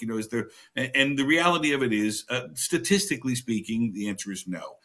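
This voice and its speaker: A man with a bright, forceful voice, explaining travel tips with energy. He talks like an enthusiastic guest expert. His pitch stays in a mid range. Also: animated, a little fast, few pauses. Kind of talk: TV interview advice.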